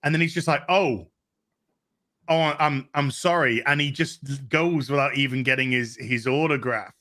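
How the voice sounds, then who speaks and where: A man co-hosting a casual film discussion, animated and jokey, swearing freely. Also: mid-range voice, normal speed. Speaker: podcast co-host.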